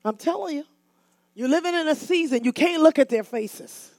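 Fervent high-voiced woman minister preaching. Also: lively intonation, normal speed, dry recording. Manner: fervent, shouting exhortation to the congregation; casual storytelling between bursts. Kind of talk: sermon.

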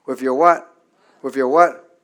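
A man preaching a sermon in call-and-response style, repeating lines and asking the congregation to say them back, swinging between soft asides and shouted climaxes. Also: mid-range voice, steady tone, a little slow. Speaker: pastor.

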